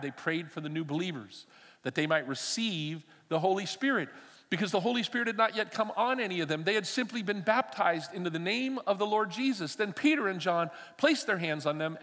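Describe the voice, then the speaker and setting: An older man delivers a sermon from a church stage, his voice sitting a bit high for a man. He tells lively stories, acts out the dialogue and drops in humorous asides. Long reverb from the hall trails his words. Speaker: pastor.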